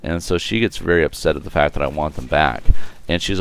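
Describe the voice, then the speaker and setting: A young man with an extremely low voice tells a story casually while commenting on gameplay. He swears freely and rambles, filling gaps with lots of fillers. A faint hum sits under his voice. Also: fairly quick. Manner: profane, rambling, many fillers. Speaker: gaming video creator.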